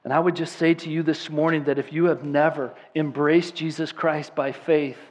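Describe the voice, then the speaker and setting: A man with a high voice preaching a sermon as pastor. He is impassioned and emphatic, repeating words to drive points home. He swings from loud, forceful declarations to hushed, earnest appeals. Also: fairly even intonation, normal speed.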